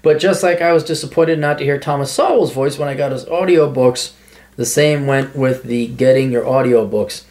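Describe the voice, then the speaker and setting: A man's voice: medium pitch, a little mellow. A man hosting his own show, reading out listener comments and answering them in a sarcastic, rambling, self-mocking way. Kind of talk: casual solo commentary.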